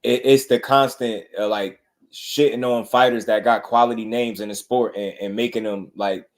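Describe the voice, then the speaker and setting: A man's voice: medium pitch, fairly even intonation, moderate pace. A man hosting a casual boxing livestream, talking in a laid-back, slangy way and greeting viewers in the chat by name.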